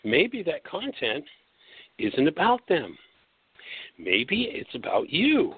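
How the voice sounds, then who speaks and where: A man's voice: on the high side, wildly swooping pitch, takes it slowly, pauses often, husky, no room sound. A man hosting a radio talk show, lecturing in a teacherly way and posing rhetorical questions he then answers. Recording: tinny phone-like line, dry.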